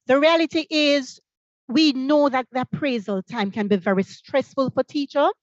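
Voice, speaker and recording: Lively Jamaican woman leading teacher training. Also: high-pitched, normal speed, no room sound, dull audio. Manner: energetic, asks many rhetorical questions. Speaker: workshop facilitator.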